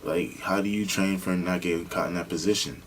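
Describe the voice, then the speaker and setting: The speaker is a young man co-hosting a podcast, his voice low and his delivery a little fast. He narrates stories casually and animatedly, acting out the voices he quotes. It's a rough recording with a touch of hiss or hum.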